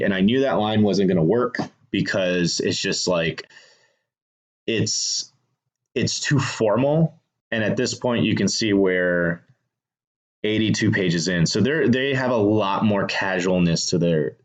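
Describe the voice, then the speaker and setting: Low-voiced man casually talking through a script. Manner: thinks aloud, restarts and fillers. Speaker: screenwriter teaching revision. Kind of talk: casual instructional talk.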